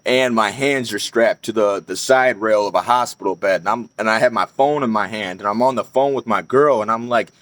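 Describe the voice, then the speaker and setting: A man's voice: on the low side, fairly quick, few pauses, a bit bright, no room sound. A young man telling a personal story in a casual, rambling way, swearing often and restarting his sentences. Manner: rambling, profane, frequent fillers and restarts.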